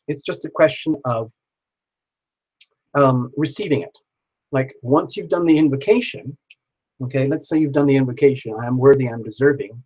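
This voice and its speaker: A man hosting a live tarot reading stream, speaking directly to viewers by name and leading them through gentle repeated affirmations. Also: a little high, slightly rough, low-quality recording.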